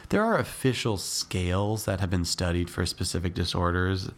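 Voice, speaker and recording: A lowish male voice, thick and stuffy from a head cold. He talks through psychiatry concepts in a relaxed, chatty way, stopping to rephrase and fill gaps with "uh" as he thinks. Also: moderate pace. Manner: thoughtful, explains step by step with many fillers. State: congested with a cold. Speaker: podcast co-host teaching psychiatry. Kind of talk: casual educational chat.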